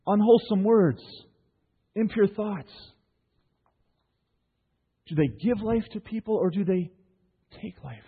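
A pastor preaches to his congregation in a church hall, posing rhetorical questions and telling stories with frequent "right?" tags. His high voice is slightly rough, slow, and full of pauses, and the recording has long hall reverb with a thin, phone-like sound.

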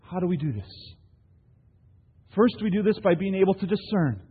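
A man's voice: high voice, sing-song, normal speed, husky. A man preaching a sermon to his congregation, posing rhetorical questions and telling stories with frequent "right?" tags. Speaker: pastor. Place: church hall. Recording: long hall reverb, thin phone-like sound.

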